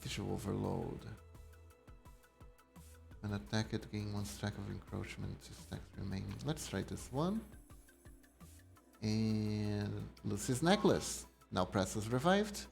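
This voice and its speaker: A man's voice: fairly low pitch, slow pace, vocal fry, pauses often, a little mellow, soft background music. A man live-streaming a card game, reading card text aloud and chatting casually with his viewers. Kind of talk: casual live-stream chat while gaming.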